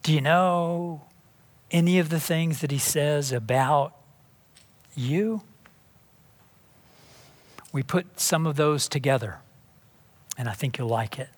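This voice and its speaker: A pastor from Texas preaching a sermon in a church, emphatic and full of rhetorical questions. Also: male voice, fairly high pitch, slow, pauses often. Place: church sanctuary. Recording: long reverb in a big hall.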